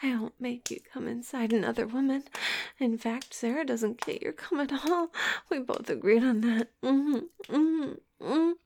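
A woman playing a slow, high-voiced teasing mistress, whispered role-play. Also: dark tone, a little hiss or hum. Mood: teasing, domineering. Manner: teasing, breathy murmurs and whispers. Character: domineering, teasing young woman lover.

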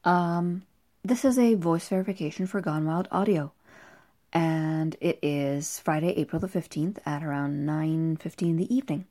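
A woman with a North American accent, hesitantly recording a casual voice verification with pauses and fillers. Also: low-pitched, warm tone. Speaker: voice actor.

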